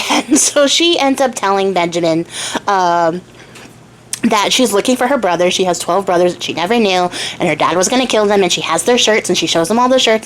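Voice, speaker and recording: A young woman sits in her home craft room making things and casually recounting a fairy tale in a medium-pitched voice. Irreverent and talkative, she curses freely and gives the characters rough voices.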